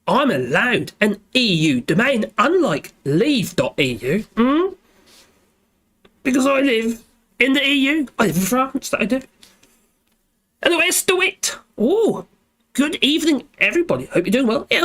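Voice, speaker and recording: A man's voice: extremely high pitch, a bit bright. A man hosting a casual live stream, chatting in a rambling way and tagging his lines with little repeated phrases.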